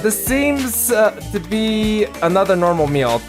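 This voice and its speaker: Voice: medium pitch, expressive, unhurried, over music. A reader narrating a game's story aloud, with frequent fillers and restarts.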